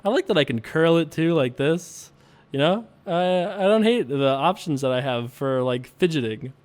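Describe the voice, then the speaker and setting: A man's voice: a little high, animated, moderate pace, darkish tone. A young man hosting a poker video, chatting casually, laughing often and talking through his hands.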